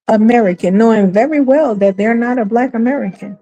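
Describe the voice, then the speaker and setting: A woman hosting her own streamed commentary, talking emphatically and stretching key phrases out slowly. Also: fairly high pitch, dark tone, poor audio. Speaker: channel host.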